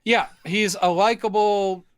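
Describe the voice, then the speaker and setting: A man's voice: high-pitched, fairly even intonation, measured pace, clean tone, dry recording, studio quality. A man co-hosting a casual film review podcast, retelling movie scenes by voicing the characters. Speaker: podcast co-host.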